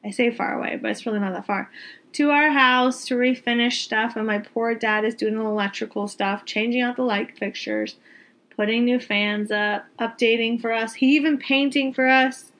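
A woman's voice: fairly high pitch, normal speed. A woman telling a story casually, exasperated and venting, swearing freely and repeating words for emphasis. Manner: animated, emphatic repetition. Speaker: vlogger telling a travel story.

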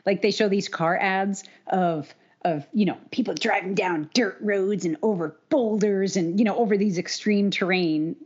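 A woman's voice: medium pitch, normal speed, few pauses. A middle-aged woman co-hosting a casual podcast, chatty and laughing often as she talks. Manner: chatty, laughs often, puts on mock voices. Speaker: podcast co-host. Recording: dull lo-fi audio.

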